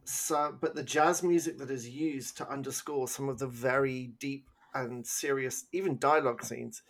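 A man's voice: mid-range voice, fairly even intonation, normal speed, fairly bright tone. A man co-hosts a casual film podcast and talks things through in a loose, rambling way. He often laughs at himself and sometimes hums a tune or mimics a line mid-sentence. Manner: rambling, self-deprecating, with sung and mimicked bits. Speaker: podcast co-host. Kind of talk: casual film review chat.

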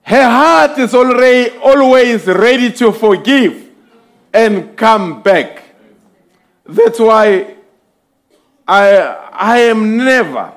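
A man delivers a sermon in a high voice, taking his time over every phrase. He builds his points in emphatic swells and speaks directly to the congregation. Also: lively intonation. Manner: slow, emphatic preaching with rising and falling swells. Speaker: preacher.

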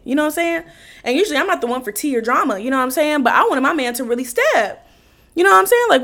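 A woman hosting a podcast, swearing freely as she tells a story and acting out every quote. She talks in a brash, animated way. Her voice sits fairly high. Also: fast. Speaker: podcast host. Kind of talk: casual storytelling chat.

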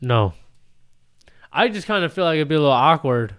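A man co-hosting a podcast, teasing and laughing through crude casual banter and quick stories. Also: fairly high pitch, big pitch swings, fairly bright tone, clean tone. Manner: laughing, teasing, fast storytelling. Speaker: podcast co-host.

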